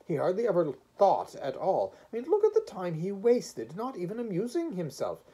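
A man reading a severe official, stern, husky, mellow, storybook reading. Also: high-pitched, huge pitch swings, normal speed, pitched above the performer's own voice, exaggerated voice. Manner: severe, disapproving.

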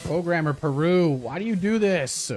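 A man's voice: a little high, lively intonation, normal speed, darkish tone, faint music behind. A man chatting casually with viewers during a game livestream, reacting to gameplay and reading chat aloud. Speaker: game streamer.

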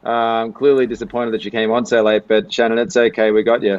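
A man's voice: medium pitch, level tone, a little fast, a little mellow, dry recording. Host: Australian man, easygoing, reads fan messages, dry and slightly muffled sound. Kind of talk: live stream chat, reading viewer comments.

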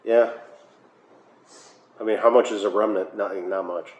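A man's voice: fairly low pitch, fairly even intonation, measured pace. An American man, a pastor, leading a Bible study in a conversational way, with filler uhs and wry asides. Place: church hall. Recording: echoey room, faint noise.

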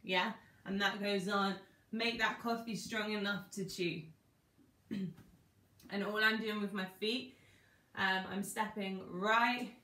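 A woman's voice: mid-range voice, pushed and bright. A woman dance teacher talking through each move of a combination step by step and half-speaking the song lyrics. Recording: echoey room.

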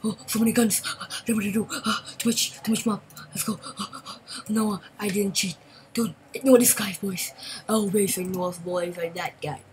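A woman hosting a gaming channel, giving chatty, excitable gameplay commentary in broken English and repeating phrases. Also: medium pitch, moderate pace, slight background noise, rough recording.

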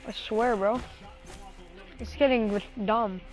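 A woman's voice: a little high, fairly even intonation, takes it slowly, poor audio. A woman from Canada streaming and trash-talking a friend in casual gaming voice chat.

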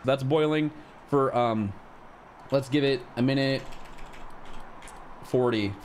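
A young man commentating his own gameplay live, joking, swearing and breaking into high panicked yelps. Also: slow pace, slight background noise. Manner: frantic, swings from mock-calm to high panicked yelps, swears a lot. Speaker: streamer.

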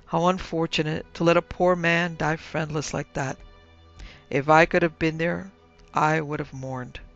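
A man rasping as a vengeful skeleton wizard. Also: fairly high pitch, level tone, unhurried, a bit bright. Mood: musing. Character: undead wizard uncle skeleton, querulous and vengeful. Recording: dull lo-fi with faint music.

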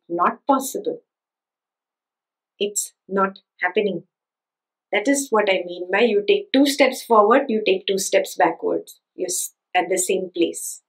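A woman's voice: mid-range voice, unhurried, poor audio. A woman giving a spiritual teaching talk, who stresses and repeats her key points and keeps checking that listeners follow with rhetorical questions.

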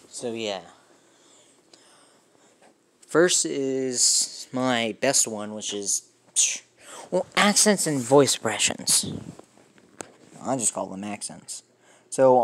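A man talking casually to camera in a rambling, self-deprecating way. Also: medium pitch. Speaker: vlogger. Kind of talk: casual video monologue.

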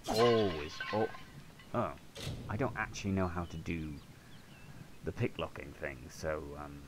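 A low-pitched male gamer provides let's-play commentary on a video game, cursing and cracking jokes throughout. Background noise can be heard.

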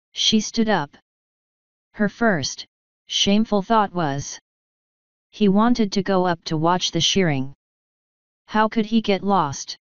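A woman narrating an audiobook in a steady, even storytelling manner, close to the mic. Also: lowish voice, clear, resonant tone, no room sound, muffled recording. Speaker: audiobook reader.

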